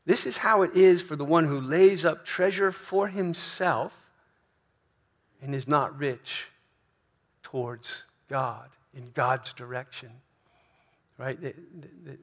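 A man's voice: medium pitch, slow, a bit bright. A man preaching a sermon in a church, emphatic, often repeating questions and asking "right?". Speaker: pastor.

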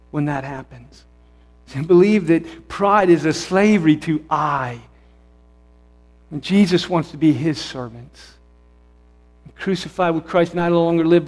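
A man pastor preaching a sermon in a church, conversational and self-correcting, rising to fervent emphasis. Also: a little high. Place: church sanctuary. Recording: long hall reverb.

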